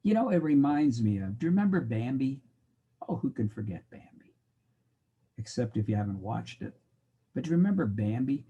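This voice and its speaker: A man's voice: medium pitch, sing-song, fairly quick, dark tone, husky, lo-fi sound. A middle-aged man lecturing a college class in a wry, joking way. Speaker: college instructor. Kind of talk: recorded lecture.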